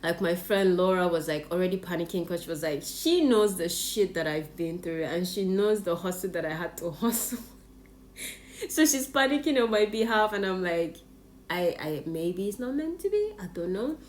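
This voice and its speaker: A woman's voice: lowish voice, animated, moderate pace, darkish tone, slight background noise. A Nigerian woman with a Nigerian English accent, animatedly telling a personal story on her vlog with plenty of laughter. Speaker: vlogger. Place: Japan.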